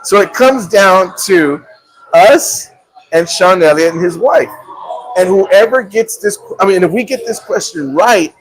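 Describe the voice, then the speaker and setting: A man's voice: sits high, measured pace, a little hiss or hum, low-quality recording. A man hosting a live stream from a restaurant, telling a story and acting out the voices of the people in it. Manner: animated storyteller, acts out quotes, laughs often. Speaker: show host.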